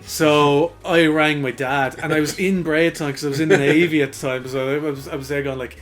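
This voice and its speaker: A man co-hosting a casual podcast, telling a long story with plenty of laughter. His voice sits a bit higher than most men's. Soft guitar music runs in the background. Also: fairly even intonation, a little fast. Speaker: podcast co-host.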